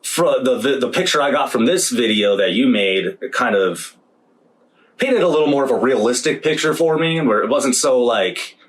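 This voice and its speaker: A man's voice: mid-range voice, animated, moderate pace, low-quality recording. A man co-hosting a casual podcast chat, hesitant, with stumbling restarts. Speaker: podcast co-host.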